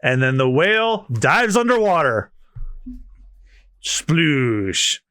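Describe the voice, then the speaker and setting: A man co-hosting a podcast. He reads a comic aloud, voicing the characters with lively, high, shouting lines. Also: slow pace, dry recording, clean studio sound. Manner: animated, voices characters with high shouting pitch. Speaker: podcast co-host. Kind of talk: manga readthrough, reading lines aloud with voices.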